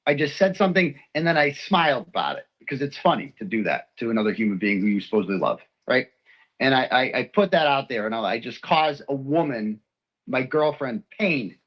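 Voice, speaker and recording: A man's voice: a little high, a bit bright, rough recording. A man from Texas hosting a livestream, ranting in a rambling, profane, hurt way. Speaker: livestream host. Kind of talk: emotional livestream rant.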